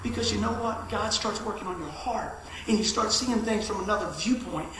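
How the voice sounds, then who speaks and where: Man, pastor, middle-aged, bright high voice, very echoey church hall. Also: normal speed. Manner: lively storytelling, swings from shouting to hushed asides. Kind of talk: sermon.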